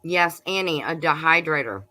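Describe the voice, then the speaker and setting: A middle-aged woman hosting a casual homestead livestream, chatting warmly with viewers, laughing and snacking as she talks. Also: sits low, animated, moderate pace, slight background noise. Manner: chatty, laughs and munches while talking to viewers.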